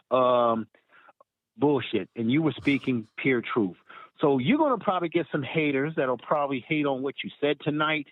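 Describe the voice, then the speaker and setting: A man's voice: mid-range voice, dry recording. A man calling into a show to make an earnest, emphatic comment, heard over a phone line. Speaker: caller.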